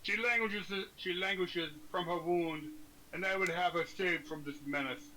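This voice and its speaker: A man's voice: high voice, steady tone, normal speed, sharp tone, pitched above the performer's own voice, rough recording. A man reading aloud a village elder's desperate letter in old-fashioned formal wording. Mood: pleading. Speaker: player.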